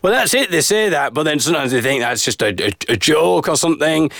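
A man's voice: on the high side, expressive, a little fast, vocal fry, a bit bright, dry recording, clean studio sound. A man hosting a podcast from a room at home, chatting casually and laughing along with his guest. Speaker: podcast host. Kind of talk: casual chat. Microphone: home podcast mic.

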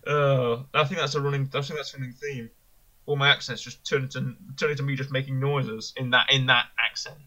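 On a lo-fi recording, a podcast co-host talks wrestling reviews in a casual chat. His voice is medium-pitched, level, bright and forceful at a fairly quick pace, and he rambles with enthusiasm, fixing his own words along the way.

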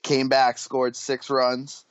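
A man's voice: medium pitch, completely flat delivery, takes it slowly, no room sound, highs cut off. Casual man rattling off baseball stats. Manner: rattles off stats with filler restarts. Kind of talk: casual sports chat.

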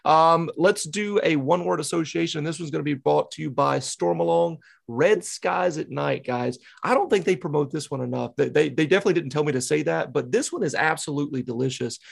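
A man hosting a fan podcast, upbeat and casual, running quick games and dropping in sponsor plugs. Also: a little high, gravelly, slightly rough. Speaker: podcast host. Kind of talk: casual interview chat.

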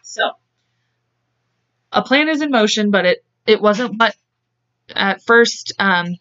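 A woman's voice: medium pitch, expressive, slow, fairly bright tone. A woman hosting a podcast, telling a true-crime story in casual chat and acting out the quotes in voices. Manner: acts out quotes with voices, laughs often. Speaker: podcast host. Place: home. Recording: dull lo-fi podcast mic.

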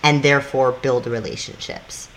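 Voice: mid-range voice, fairly even intonation, moderate pace, fairly bright tone, slight background noise. A podcast co-host, explaining things in loose, casual chat that swears freely and acts out little scenes.

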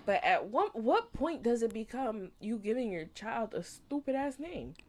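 Young woman podcast co-host, high bright voice, swoops up and down while storytelling. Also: measured pace. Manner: animated storyteller, laughs through punchlines. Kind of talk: casual chat, storytelling.

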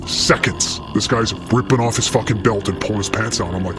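A man, a paramedic, telling a story in an energetic, profane way and speaking straight to the listener. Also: fairly low pitch, fairly quick, gravelly, long pauses, music in the background. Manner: energetic, swears freely, addresses the listener directly.

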